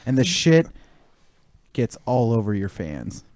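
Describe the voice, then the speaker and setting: A man's voice: mid-range voice, slow pace, no room sound. Easygoing man running a tabletop game. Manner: relaxed, joking narration. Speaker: game master.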